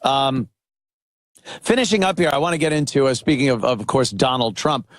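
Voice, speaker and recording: A man guest-hosting a talk-radio show, giving a sarcastic, animated opinion monologue. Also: mid-range voice, moderate pace, dry recording, clean studio sound.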